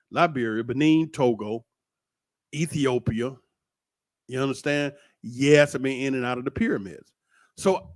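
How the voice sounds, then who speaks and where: A middle-aged man, talking in a casual, preachy monologue that is animated and full of swearing. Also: medium pitch, dry recording, clean studio sound. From United States. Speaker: commentator.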